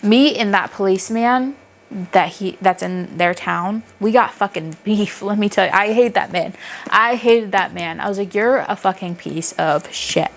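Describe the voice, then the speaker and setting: A young woman reviewing books in a casual, animated chat, gushing and swearing freely. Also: medium pitch, moderate pace. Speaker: book reviewer.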